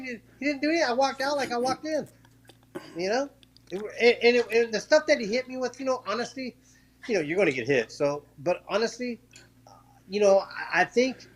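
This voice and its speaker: High-voiced man telling a fight story. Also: husky. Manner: animated, talks in quick bursts with many restarts and repeats; acts out quoted voices while telling a story. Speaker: former professional boxer, interview guest. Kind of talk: casual storytelling in an interview.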